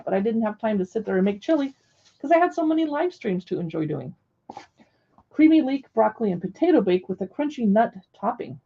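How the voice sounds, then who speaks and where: A woman's voice: mid-range voice, vocal fry, breathy edge, lo-fi sound. A young woman hosting a casual live stream from home, chatting and reading recipe titles aloud to viewers. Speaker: live stream host reviewing cookbooks.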